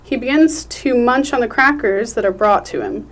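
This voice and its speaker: Podcast host lady, kinda high voice, friendly, reads the script clearly. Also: moderate pace. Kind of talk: podcast chat and reading stage directions.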